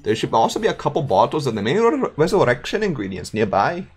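A woman voicing a polite, gentle male zombie with a put-on German accent, in a higher sing-song voice. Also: very animated, fast, husky, heavily acted. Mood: genial. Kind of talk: voicing game dialogue.

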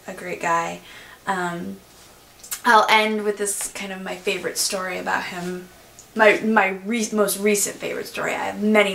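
A woman vlogger talks casually to her viewers, pausing often as she tells a story. Her voice has a gravelly edge. The sound is echoey, with a faint hiss behind it. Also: medium pitch, fairly bright tone. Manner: chatty, frequent "um" pauses, laughs through the story.

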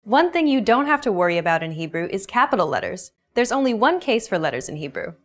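Woman, lesson host, scripted, upbeat, asks the viewer questions, bright animated delivery. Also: medium pitch, fast talker.

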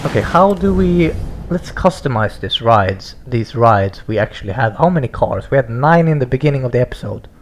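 A young man, giving excitable let's play commentary, exclaiming, swearing and rambling. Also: medium pitch, moderate pace, slight background noise. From Sweden. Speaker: gaming YouTuber. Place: home gaming setup, no face cam. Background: racing game music and engine sounds.

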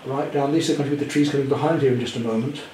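A man demonstrating a painting at home, chatty with gentle self-deprecating humour. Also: medium pitch, fairly even intonation, racing, reverberant, a little hiss or hum, rough recording. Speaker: art teacher. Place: indoor studio at home.

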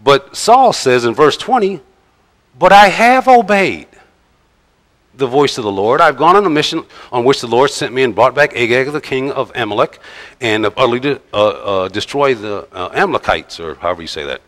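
A male pastor preaching a sermon in a conversational, halting way, with frequent pauses and restarts. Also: mid-range voice, expressive, fairly bright tone. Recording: long reverb of a large church hall.

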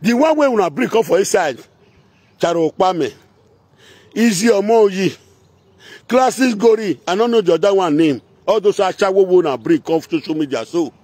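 A man's voice: high voice, lively intonation, moderate pace, darkish tone, no room sound. A man with a Nigerian Pidgin Edo accent, delivering a confrontational rant that slips into singsong chanting and repetition. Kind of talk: heated rant mixing chant and speech.

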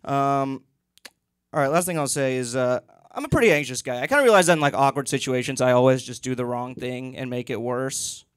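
A man's voice: medium pitch, a little fast, clean tone, dry recording. A young man doing a stand-up set in a comedy club, telling stories in a dry way and acting out quotes on a stage mic.

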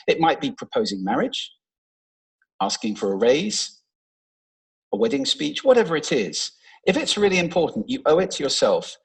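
Lively, playful man giving a stage talk. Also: a little high, husky, poor audio. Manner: expressive, playful, demonstrates voice techniques. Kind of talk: public talk with vocal demonstrations. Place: large stage before an audience. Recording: played from a talk recording.

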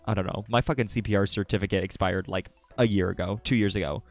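Giggly, gravelly-voiced young streamer man. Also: quick pace, hardly any pauses, no room sound. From California. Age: early 20s. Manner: giggly, swears a lot, swings into high squeals. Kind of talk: casual live-stream chat with viewers. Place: home at night.

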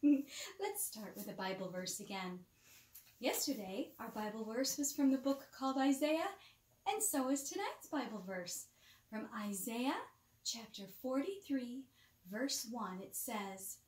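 A woman presenting a bedtime Bible lesson for children, animated and coaxing, asking questions and dropping to soft whispers, recorded with a roomy echo. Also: fairly high pitch, a little slow.

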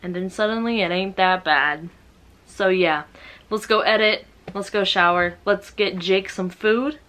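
A young woman from the United States chatting casually in a book vlog, excitable and self-mocking. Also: mid-range voice, a little slow. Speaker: book vlogger.

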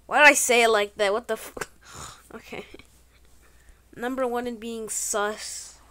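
A woman giving excitable, slangy commentary over her own gameplay, bursting into exclamations. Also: fairly high pitch, unhurried. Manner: playful trolling banter, slangy. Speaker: gaming channel host.

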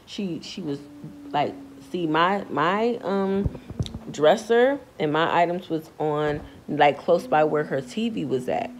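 A woman's voice: takes it slowly, a little hiss or hum, low-quality recording. A young woman casually telling a storytime tale in slangy speech, acting out the people she quotes. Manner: animated, acts out quoted voices in a high pitch; slangy, repeats filler phrases.

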